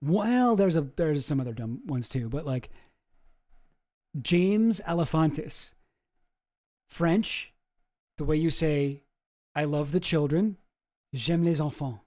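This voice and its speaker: A man's voice: on the high side, animated, slow, pauses often, a little mellow. A man streaming, reacting to a video in a rambling, exasperated way and swearing freely. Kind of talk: casual commentary.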